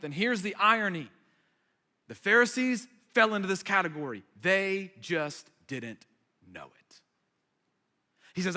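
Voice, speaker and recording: A man's voice: high voice, expressive, normal speed, bright, forceful tone. A man preaching a sermon as a pastor, conversational and emphatic with playful asides. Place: church hall. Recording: reverberant hall.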